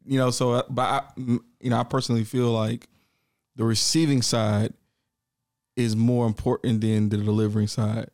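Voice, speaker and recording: A man's voice: mid-range voice, flat delivery, darkish tone, no room sound. Reflective male podcast co-host, dry sound. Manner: reflective, halting, restarts often. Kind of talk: casual chat.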